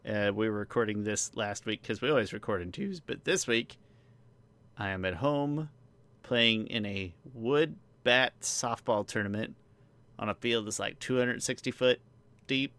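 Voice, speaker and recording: Gravelly, low-voiced male podcast host. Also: a little slow, fairly bright tone. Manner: rambling, joking, self-deprecating asides. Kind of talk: casual podcast chat.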